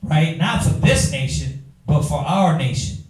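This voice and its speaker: A man, teaching a Bible class in an animated preaching style, talking straight to the room. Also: on the high side, measured pace, far from the mic. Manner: animated, talks to the room, acts out quoted voices. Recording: echoey room from afar.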